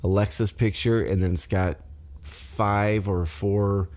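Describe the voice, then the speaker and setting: A man with a lowish, mellow voice recaps a wrestling show on his podcast. His talk is loose and profane, full of side remarks and self-corrections. He speaks into a desk microphone in a home setup. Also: fairly even intonation, takes it slowly. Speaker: podcast host.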